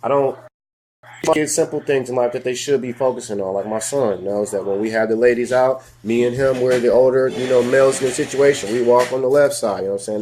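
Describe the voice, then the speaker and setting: A young man hosts a casual live talk show and chats straight to his viewers. His voice sits at a middle pitch and turns loud, then drops low and quiet. Faint noise hums behind him. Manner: animated, swings from loud to low, speaks to viewers. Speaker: host of a live discussion show.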